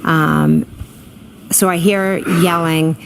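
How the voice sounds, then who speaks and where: A middle-aged woman testifying as a witness in court, hesitant and filling pauses with ums, answering briefly. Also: low-pitched, fairly even intonation, vocal fry, background noise. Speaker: trial witness.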